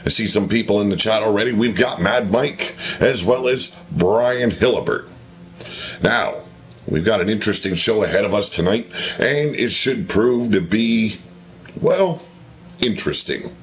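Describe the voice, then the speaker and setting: Low, animated man announcing a wrestling game. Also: unhurried. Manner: theatrical ring-announcer delivery with swearing asides. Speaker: host of a wrestling game channel.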